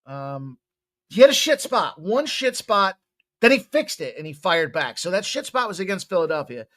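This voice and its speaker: A man with a fairly high, lively voice talks through sports betting picks in a loose, rambling way. He jokes and swears casually as he goes, and his pitch swings up and down constantly. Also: moderate pace.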